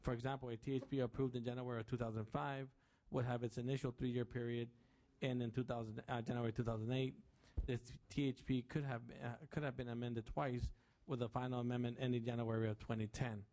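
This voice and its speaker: A man's voice: mid-range voice, fast talker. A man presenting a bill to a committee, reading prepared remarks in a formal way. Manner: flat, reads prepared remarks.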